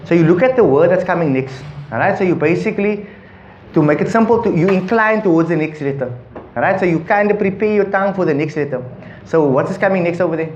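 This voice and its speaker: A man's voice: high-pitched, quick pace, darkish tone, roomy sound, dull audio, a little hiss or hum. A man teaching a Quran recitation class, patiently coaching pronunciation and explaining rules between chanted verses. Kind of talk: recitation class with call and response.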